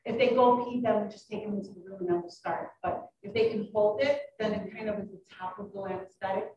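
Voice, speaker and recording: Lively woman doctor in an echoey room. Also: mid-range voice, quick pace. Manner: lively, acts out patients' voices. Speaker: urogynecologist giving a library talk. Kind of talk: informal Q&A talk. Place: library meeting room. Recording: echoey room, distant dull mic.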